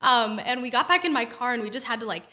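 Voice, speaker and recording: A young woman guest in an interview, telling a story in a lively way and acting out what was said. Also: on the high side, quick pace. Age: young adult. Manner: animated storyteller who acts out quotes. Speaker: interview guest, former political candidate.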